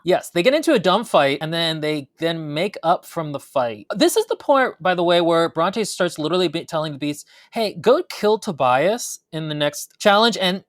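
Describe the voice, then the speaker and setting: A woman with a low voice co-hosting a casual book review podcast. Her delivery is dry and sarcastic, and the recording sounds close and free of any room echo. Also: lively intonation, normal speed, few pauses. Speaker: podcast co-host.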